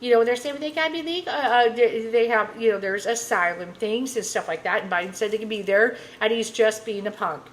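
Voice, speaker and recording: A woman's voice: on the high side, a little fast, hardly any pauses, poor audio. A woman tarot reader talking to camera in a casual, rambling rant, blunt and full of filler phrases.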